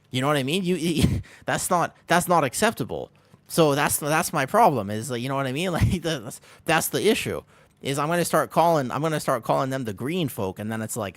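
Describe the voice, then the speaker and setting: A man's voice: a little high, lively intonation, a little fast, no room sound. Upbeat Midwestern man streaming games. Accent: American Midwestern. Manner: upbeat, joking, often laughing, chatting with viewers. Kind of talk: casual live-stream chat while gaming.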